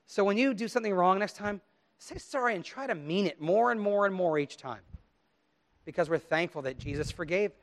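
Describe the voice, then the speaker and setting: A man's voice: high-pitched, lively intonation, fairly quick. A middle-aged man, a pastor, reading scripture solemnly and then telling a story to children with many questions.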